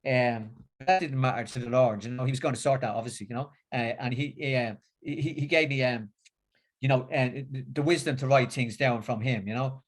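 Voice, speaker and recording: A middle-aged man with a Northern English accent gives a religious talk, then chats casually, often repeating words and using fillers. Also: medium pitch. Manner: halting, with many repeats and fillers. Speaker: religious speaker.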